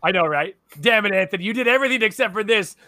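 A man hosting a casual gaming podcast, joking around with his co-hosts and breaking into mock yelling. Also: high-pitched, expressive, quick pace. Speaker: podcast host.

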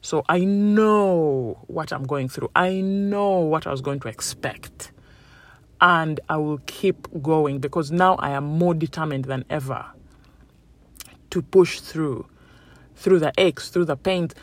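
A woman's voice: low-pitched, slow pace, no echo. Upbeat chatty woman vlogger. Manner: upbeat and chatty, acting out quotes. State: tired after running. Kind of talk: casual motivational talk to viewers.

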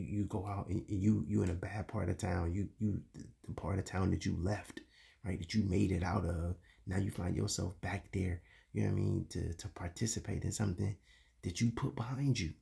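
A man's voice: fairly low pitch, gravelly, warm tone, slightly rough. A young man hosting a faith talk for men, speaking casually and confessionally with lots of slang and fillers. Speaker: podcast host.

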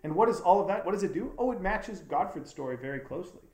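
A man with a slightly higher voice talks at length in a casual interview, rambling earnestly through many fillers and restarts. He speaks as a documentary filmmaker. The sound is roomy and echoey. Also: lively intonation, fast, dark tone. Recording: roomy echo.

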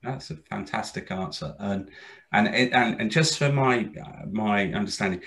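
A man hosting a casual interview, speaking haltingly with many restarts and filling the gaps with quiet murmurs of agreement. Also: lowish voice, gravelly. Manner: warm-spoken, halting, lots of mm-hmm backchannels. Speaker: podcast host.

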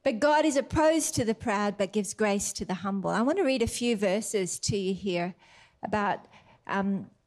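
A woman's voice: medium pitch, normal speed. A woman preaching a sermon, retelling a story expressively and then reading scripture aloud. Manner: animated, expressive storyteller, laughs often.

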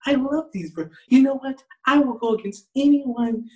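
A man impersonating a famous male pop singer in an eager, slightly breathy manner. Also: extremely high pitch, a little slow, warm tone, muffled recording, voice pushed up.

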